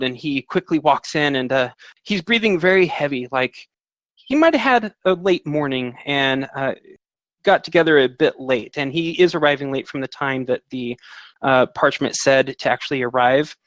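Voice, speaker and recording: A man's voice: mid-range voice, normal speed, a bit bright, no echo. Rambling man running a tabletop game. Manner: rambling, lots of fillers. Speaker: game master.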